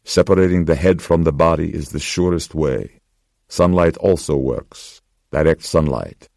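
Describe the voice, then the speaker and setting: A man voicing a somber old pawnbroker who speaks in a slow, grave, measured way. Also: extremely low pitch, vocal fry, a little mellow, no room sound, clean studio sound, heavily acted. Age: older.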